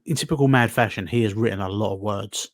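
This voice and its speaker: A man, co-hosting a chatty podcast in a teasing, bantering way. His voice sits a little low and sounds dry and close, with no room around it. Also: quick pace, no echo. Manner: bantering, reads aloud with laughs. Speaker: podcast co-host. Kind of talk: casual chat.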